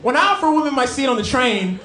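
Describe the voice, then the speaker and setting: A young adult man doing a stand-up set on a comedy club stage, telling stories in an animated way and breaking into emphatic shouts. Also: very high-pitched, fast, background noise. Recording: echoey club with crowd laughter.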